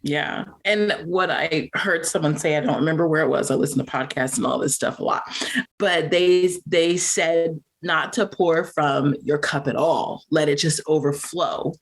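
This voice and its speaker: A woman's voice: low voice, normal speed. Reflective middle-aged woman, laughing often. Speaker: podcast guest. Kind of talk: candid personal interview.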